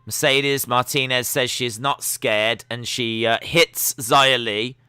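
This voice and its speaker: A man's voice: mid-range voice, fairly even intonation, slow, pushed and bright, smooth, no echo. A young man hosting a live stream watch-along, giving chatty, sarcastic, opinionated commentary.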